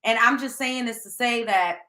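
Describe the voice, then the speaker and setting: A woman's voice: on the high side, moderate pace, sharp tone. A woman with a Southern US accent hosting a casual live stream, talking bluntly and emphatically in slang and speaking straight to her viewers. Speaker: host.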